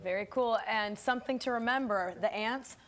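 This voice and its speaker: A woman's voice: on the high side, normal speed, a bit bright. Woman, TV anchor, teasing banter, faint noise behind. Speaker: news anchor. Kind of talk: studio banter.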